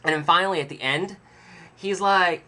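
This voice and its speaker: Brief: rambling vlogger, self-deprecating, bright voice. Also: male voice, high-pitched, moderate pace. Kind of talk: casual storytelling.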